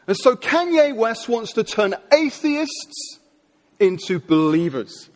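A man delivers a sermon in a fairly high voice, storytelling with emphatic phrasing and drawn-out dramatic pauses. His words ring with a long hall reverb. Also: very animated, darkish tone. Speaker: preacher.

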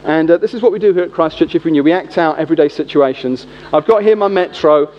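Guy preaching, jokey and lively, dull lo-fi recording. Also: a little high, fast talker. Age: 40s. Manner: humorous, animated storytelling. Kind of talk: sermon. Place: church. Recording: echoey hall, dull lo-fi sound.

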